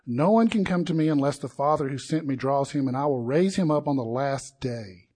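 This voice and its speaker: A man preaching a sermon in an animated way, acting out the crowd's voices and building to indignant peaks. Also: mid-range voice, a little fast, breathy edge.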